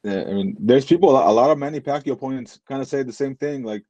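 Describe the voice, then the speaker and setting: A man's voice: mid-range voice, fast talker, mellow, no room sound, rough recording. A man co-hosting a sports podcast in a laid-back way, laughing along with the others. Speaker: podcast co-host. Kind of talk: casual sports chat.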